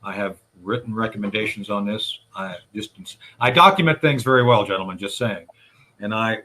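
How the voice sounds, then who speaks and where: Man, low voice, husky, deliberate, hesitant restarts, recorded testimony. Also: pushed and bright. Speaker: whistleblower advocate recounting events. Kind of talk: recorded testimony played on a radio show.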